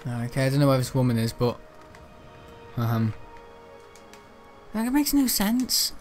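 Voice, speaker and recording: A man's voice: medium pitch, very animated, a little slow, faint music behind. A man giving rambling, self-mocking commentary while playing a video game, often muttering to himself. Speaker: gaming video creator. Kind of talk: gameplay commentary.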